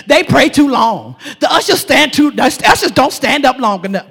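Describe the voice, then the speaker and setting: A woman's voice: sits high, lively intonation, moderate pace, vocal fry, fairly bright tone, breathy edge, voice pushed down, heavily acted. A woman voicing a complaining churchgoer who finds fault with everything, in a whiny, nagging way. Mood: grumbling.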